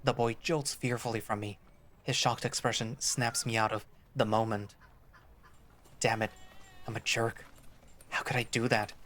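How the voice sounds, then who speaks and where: A man reading a visual novel aloud in a measured first-person narration, voicing the lead's dialogue. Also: mid-range voice, little pitch movement, a bit bright, a little hiss or hum.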